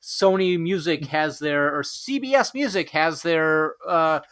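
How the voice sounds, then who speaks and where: A man with a fairly high, bright and tense voice wanders through a story in casual podcast chat. He keeps stopping, restarting and leaning on fillers as he goes. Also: measured pace. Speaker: podcast co-host.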